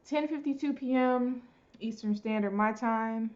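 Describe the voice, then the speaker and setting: A woman's voice: on the high side, measured pace, highs cut off. Chatty woman hosting a card reading. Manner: chatty and excitable, addresses viewers as y'all. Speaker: tarot reader and channel host. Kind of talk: casual pick-a-card reading intro.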